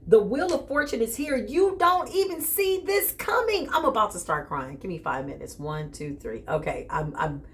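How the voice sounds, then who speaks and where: A woman giving a casual tarot reading straight to her listener, animated and joking, often calling out "listen" and "okay". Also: on the high side, moderate pace, few pauses. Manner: animated and joking, with bursts of laughter. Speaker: tarot reader.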